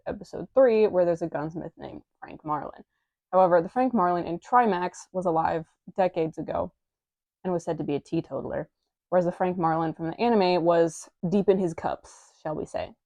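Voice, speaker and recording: A woman's voice: lowish voice, darkish tone, no room sound. A young woman reviewing a manga in a chatty, wry manner with playful asides, reading from a script.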